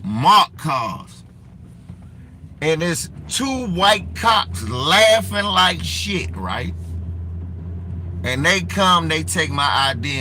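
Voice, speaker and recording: Bright-voiced D.C. man telling a story. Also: medium pitch, a little hiss or hum. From Washington, D.C. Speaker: podcast guest. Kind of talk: animated storytelling.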